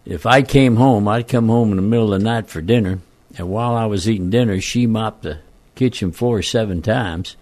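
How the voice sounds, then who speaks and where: An older man and former football coach, telling folksy, rambling stories in a croaky voice as a radio guest. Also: lowish voice, moderate pace, a little mellow. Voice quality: croaky, frog-like voice. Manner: folksy, rambling, self-deprecating. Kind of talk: casual radio interview storytelling.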